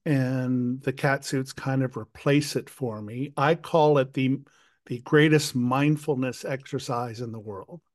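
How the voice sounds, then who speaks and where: A man hosting an interview, speaking in a thoughtful, measured way. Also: medium pitch, no room sound, clean studio sound. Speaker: interview host. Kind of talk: casual interview.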